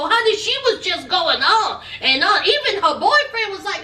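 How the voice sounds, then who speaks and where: Sassy high-voiced woman gossiping. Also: big pitch swings, moderate pace, hardly any pauses, bright, forceful tone, distant mic. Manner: sassy, calls listeners honey and child; chatty gossipy storytelling with laughs. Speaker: show recap host. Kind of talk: casual reality-show recap. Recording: roomy echo, voice off-mic.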